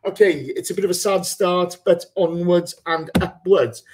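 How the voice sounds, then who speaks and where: A man's voice: high voice, moderate pace, noisy background. Emotional man hosting a fan podcast. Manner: emotional, loose, swears casually. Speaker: podcast host. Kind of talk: casual podcast chat.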